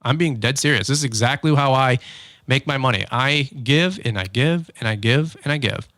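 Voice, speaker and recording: A man's voice: medium pitch, normal speed, no room sound. A man hosting a podcast, talking casually in a loose monologue and acting out quotes as he tells stories. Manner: animated storytelling, acts out quotes; frequent fillers and restarts. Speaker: podcast host.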